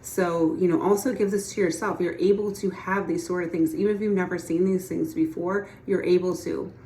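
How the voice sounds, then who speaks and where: Low-voiced woman coaching in a roomy space. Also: steady tone, a little fast, mellow, slight background noise. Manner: chatty and encouraging, often checking in with the listener. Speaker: manifestation coach. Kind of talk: casual teaching monologue.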